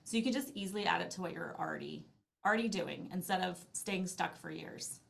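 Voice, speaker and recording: A woman in her thirties or forties, a mother and interview guest, telling an animated story in casual conversation with lots of "like". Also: fairly low pitch, brisk, creaky. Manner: animated storytelling with acted-out quoted asides, filler "like". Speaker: guest, mother who travels with her kids.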